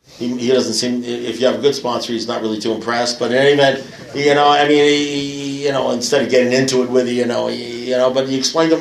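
A man shares a long, rambling story with a live audience at a recovery meeting, leaning on fillers and blunt, profane humour. His voice sits at an ordinary pitch. The sound carries the roomy echo of a meeting hall. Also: fairly even intonation, fast. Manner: rambling, full of "you know" fillers.

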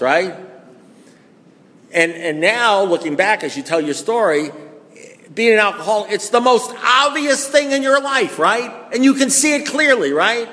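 A fairly high-pitched man talks to a live audience in a large hall, and his voice trails a long reverb. He speaks bluntly, swears freely and keeps hammering rhetorical questions at the crowd, like a seasoned recovery meeting speaker. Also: a bit bright. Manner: punchy, repeats rhetorical questions, blunt and profane. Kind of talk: storytelling talk to a live audience.

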